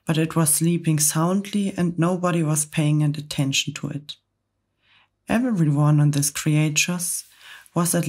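A woman reading a storybook aloud in whispered role-play, her voice low and soft. She takes her time over each phrase, slow and hushed as in ASMR. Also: breathy edge. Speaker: storybook reader.

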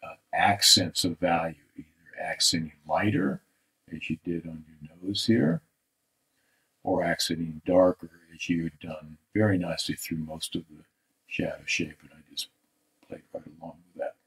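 A male art instructor giving a live drawing critique, thoughtful and halting, often trailing off into soft mutters. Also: low voice, vocal fry, rough recording.

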